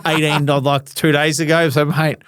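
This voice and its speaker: A man's voice: on the high side, level tone, moderate pace, background noise. A man in his forties with an Australian accent, telling loose, laughing stories as a guest and swearing freely. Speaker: guest, retired footballer. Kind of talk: casual storytelling interview.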